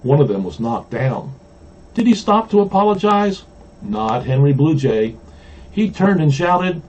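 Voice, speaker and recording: A man from Mississippi, a pastor, reading a children's storybook aloud with gentle humor, in a dull lo-fi recording. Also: fairly high pitch, sing-song, unhurried. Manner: gently humorous, chuckling at the jokes.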